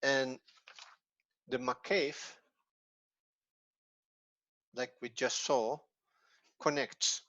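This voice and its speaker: A man's voice: medium pitch, steady tone, extremely slow, long pauses, sharp tone, lo-fi sound. A man with a Dutch accent, his first language Dutch, teaching an online language lesson patiently and step by step with repetition. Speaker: Hebrew teacher.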